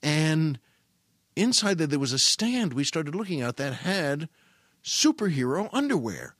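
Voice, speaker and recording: A man's voice: a little high, sing-song, measured pace, a bit bright, no room sound, studio quality. A middle-aged man telling a funny family story in casual monologue, self-mocking and full of restarts. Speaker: podcast host.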